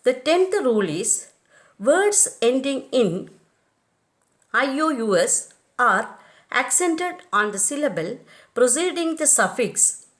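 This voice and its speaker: Woman, Indian English accent, teacher, very slow, higher voice, spelled-out letters. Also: big pitch swings. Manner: reads rules and word lists slowly, spelling out letters. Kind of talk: slow dictated lesson.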